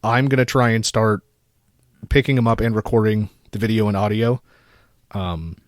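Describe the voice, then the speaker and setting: A man's voice: lowish voice, steady tone, moderate pace, dry recording, clean studio sound. A young adult man co-hosting a podcast, telling a story in a laid-back, casual chatty way with the odd swear word. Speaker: podcast co-host. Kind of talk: casual chat.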